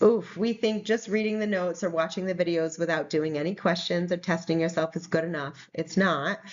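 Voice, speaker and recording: A woman's voice: on the low side, highs cut off. A woman teaching a recorded nursing lecture in a conversational, explanatory way with frequent fillers. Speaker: nursing instructor.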